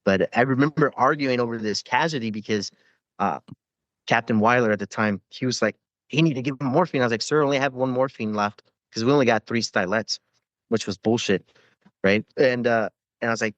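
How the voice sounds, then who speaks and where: A man's voice: mid-range voice, brisk, no echo, highs cut off. Profane man telling war stories. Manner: profane, rambling war stories with frequent fillers and laughs. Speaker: podcast guest, former Navy corpsman. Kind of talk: casual storytelling interview.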